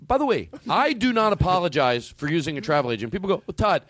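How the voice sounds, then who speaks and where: A man hosting a casual comedic podcast chat, ranting in a quick, profane, animated way. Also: fairly high pitch, dry recording. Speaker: podcast host.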